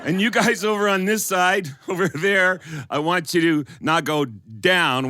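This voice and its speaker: A man's voice: on the high side, normal speed, few pauses, bright, forceful tone, no room sound. A man telling stories and leading a sing-along before a live studio audience, chatty and laughing as he goes. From Massachusetts. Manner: chatty, laughing, leads the crowd in singing. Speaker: storyteller and songwriter.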